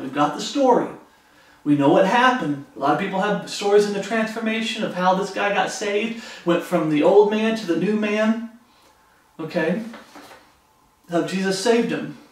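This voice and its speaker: A man preaching a sermon, fervent and animated, acting out the voices of the people in his story. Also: sits high. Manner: fervent, acts out quoted voices. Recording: echoey room from far off.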